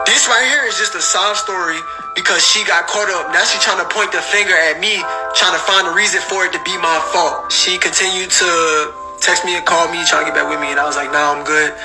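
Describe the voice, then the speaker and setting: High-voiced man telling a story, slangy. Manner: slangy, animated, acts out the dialogue. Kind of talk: casual storytelling to camera.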